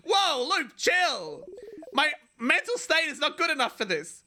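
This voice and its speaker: Excitable streamer playing an RPG. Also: sits high, measured pace, a little hiss or hum. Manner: excitable, laughs often, reads dialogue aloud. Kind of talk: casual let's-play commentary. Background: game music.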